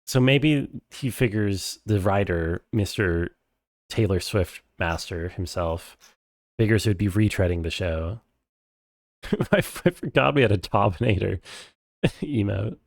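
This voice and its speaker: A man's voice: lowish voice, unhurried, vocal fry, no room sound, studio quality. A man streaming a first playthrough of a game, chatting casually with viewers and reading dialogue aloud.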